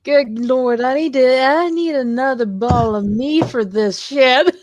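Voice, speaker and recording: A woman's voice: high voice, a little slow, darkish tone, no echo. A woman reading items aloud and reacting, exasperated, in a casual group chat. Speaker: list reader.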